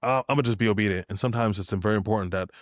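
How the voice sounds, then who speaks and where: Speaking very fast in a lowish voice, this young podcast guest spins lively tales and voices the characters in them with altered tones. The sound is dry and cleanly studio-recorded.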